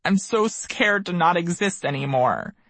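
A man's voice: a little high, fairly even intonation, normal speed, fairly bright tone, no room sound. A man voicing a young man with terminal cancer, frightened and tearful, pleading through sobs. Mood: sobbing terror. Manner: sobbing, pleading.

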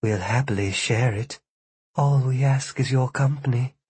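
A man's voice: mid-range voice, unhurried, darkish tone, breathy edge, dry recording. A man voicing a coy young woman who eagerly plays hostess, in a sweet, coaxing voice.

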